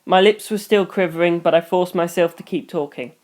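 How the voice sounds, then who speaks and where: A reader narrating a novel in first person, brisk with wry asides. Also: medium pitch, steady tone, darkish tone.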